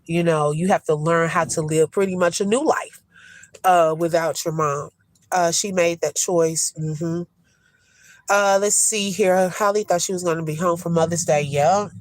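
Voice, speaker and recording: A woman with a lowish voice hosts a casual live commentary, chatting in a slow, easygoing way. She speaks straight to her viewers and calls them y'all and child. The sound is close and dry, with no room echo. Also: fairly even intonation. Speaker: host reacting to news.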